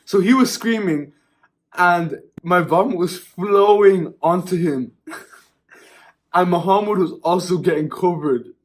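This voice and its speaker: Young man telling a story, animated. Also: high-pitched, a little slow. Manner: animated, laughing, tag questions like "yeah?" and "right?". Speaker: vlogger. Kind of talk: casual storytelling.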